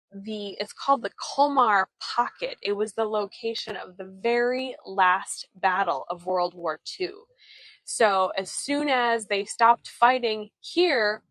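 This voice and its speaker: Narrating a live-streamed walking tour on her phone, a thirtysomething woman from the American Pacific Northwest and Midwest strolls old-town streets outdoors. Her voice is on the high side and fairly bright, chatty and enthusiastic with frequent fillers; the recording is rough but echo-free.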